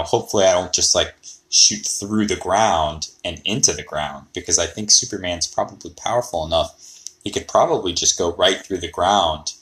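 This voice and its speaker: A man's voice: deep voice, fairly bright tone. A man hosting a podcast, rambling and thinking aloud in a casual monologue. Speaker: podcast host.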